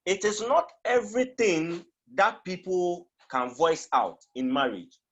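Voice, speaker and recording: A man teaching on marriage in an emphatic, repetitive way, often acting out tones of voice to make a point. His voice sits high and swings widely in pitch. He delivers it as a spoken teaching talk. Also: animated, measured pace, fairly bright tone, highs cut off. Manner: emphatic, repeats phrases and demonstrates tones of voice. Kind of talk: teaching talk, switching between languages.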